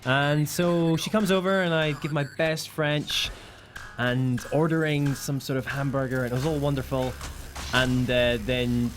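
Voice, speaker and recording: A man's voice: medium pitch, fairly even intonation, measured pace, a little hiss or hum. A man from the United Kingdom co-hosting a live game stream, chatting casually and reading out viewer comments.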